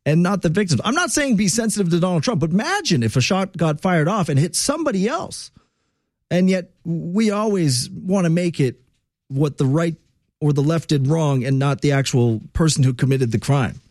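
A man's voice: on the high side, darkish tone, dry recording, clean studio sound. A man hosting a talk radio show, ranting in a conversational, opinionated way with fillers.

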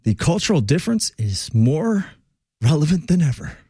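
A man's voice: a little high, very animated, normal speed, mellow, breathy edge, dry recording, clean studio sound. A man hosting a radio show, chatting loosely and joking as he introduces a clip. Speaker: radio host. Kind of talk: casual show chat.

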